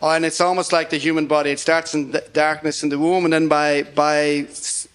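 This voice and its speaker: A man's voice: a little high, little pitch movement, brisk, fairly bright tone, clean tone. A man, a ghost tour guide, chatting as an interview guest and telling folklore in a rambling, chuckling way. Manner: rambling storyteller, chuckles often. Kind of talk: casual interview chat.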